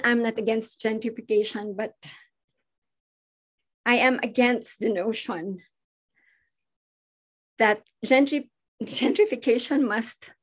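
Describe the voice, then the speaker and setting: A restaurant owner, a woman with a fairly high voice, is speaking on an online panel. She speaks haltingly, keeps restarting, and grows emotional.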